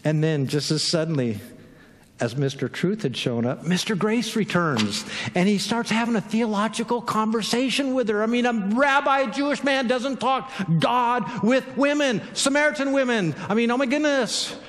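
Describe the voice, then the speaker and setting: Male pastor, high voice, animated conversational sermon, echo of a long church hall. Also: normal speed. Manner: animated, conversational preaching with acted-out quotes. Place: church sanctuary.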